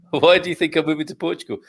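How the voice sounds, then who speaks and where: A man's voice: fairly high pitch, vocal fry, breathy edge. Chatty man hosting a live stream. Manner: chatty, jokey, reads out viewer comments. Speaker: host. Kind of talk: casual live-stream chat.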